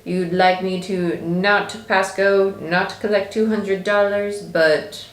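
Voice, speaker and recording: A woman tarot reader voicing a defiant, self-assured king who talks in a brisk, dismissive way. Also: medium pitch, steady tone, roomy sound, lightly acted, poor audio.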